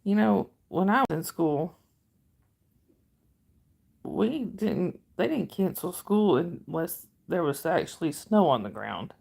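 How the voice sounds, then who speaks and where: A middle-aged woman with a Southern drawl and a gravelly, creaky voice, rambling casually on a home livestream. Her voice sits on the low side, and she stops often to answer viewers' comments. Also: sing-song, slow, a little mellow. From northern Georgia, US. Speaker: livestream host.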